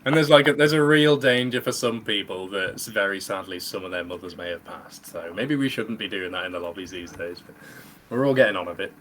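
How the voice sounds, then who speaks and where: A man's voice: low-pitched, a little fast, fairly bright tone, slight background noise, rough recording. A man in his thirties from the UK, hosting a casual gaming podcast with friends, chatty and rambling, laughing often. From United Kingdom. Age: 30s. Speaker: podcast host. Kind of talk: casual chat among friends.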